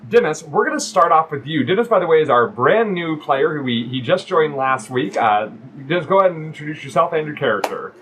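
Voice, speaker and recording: A man's voice: on the high side, animated, a little fast, hardly any pauses, fairly bright tone, a little hiss or hum, rough recording. A man running a tabletop actual play as game master, upbeat and joking, rambling with fillers.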